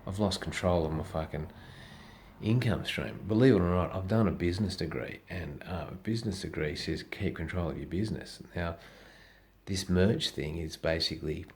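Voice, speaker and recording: A man's voice: sits low, normal speed, darkish tone. A middle-aged man, a comedian vlogger, rambling bluntly in a casual rant and swearing constantly.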